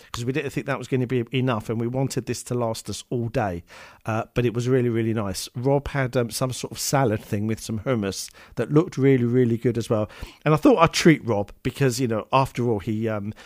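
A man presents his music show in a chatty, rambling way, stopping and restarting and chuckling at his own jokes. His voice sits at an ordinary middle pitch. The sound is close and dry. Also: darkish tone, dry recording. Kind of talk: casual anecdotal storytelling.

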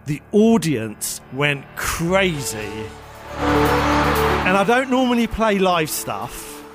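A man's voice: high-pitched, wildly swooping pitch, very slow. A man, presenting a music show and telling a long, rambling personal story full of fillers and restarts. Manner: rambling, chatty, many fillers and restarts, chuckles at own jokes. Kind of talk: casual anecdotal storytelling.

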